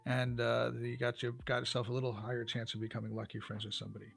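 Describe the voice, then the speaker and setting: A man co-hosting a casual game news chat, talking in a halting way with many fillers and restarts. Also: mid-range voice, completely flat delivery, gravelly, fairly bright tone, slightly rough. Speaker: co-host.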